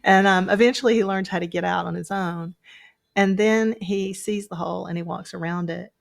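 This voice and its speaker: A woman with a lowish, gravelly voice talks in a calm, reflective way. She sounds like a meditation guide thinking aloud in conversation. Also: normal speed. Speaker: podcast co-host, meditation guide.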